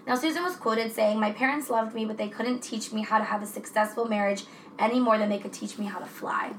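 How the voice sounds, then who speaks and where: A woman's voice: a little high, fairly even intonation, brisk. A woman co-hosting a podcast in a casual, chatty way, swearing freely. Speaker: podcast co-host. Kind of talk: casual true-crime chat. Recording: echoey room with faint noise.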